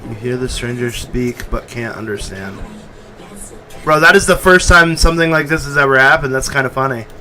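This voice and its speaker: A man's voice: mid-range voice, moderate pace, sharp tone, a little hiss or hum, low-quality recording. A man streaming a video game in casual, joking commentary, sometimes swearing and reading the on-screen text aloud.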